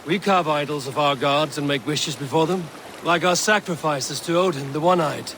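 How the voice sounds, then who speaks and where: A man's voice: a little high, moderate pace, a bit bright, slight background noise, close to an everyday voice. An actor playing a thoughtful, wry Viking crewman in a video game.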